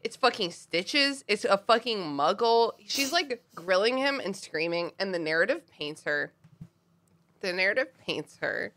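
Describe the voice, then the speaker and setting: A woman co-hosting a podcast in casual chat, animated and laughing, swearing freely. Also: on the low side. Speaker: podcast co-host.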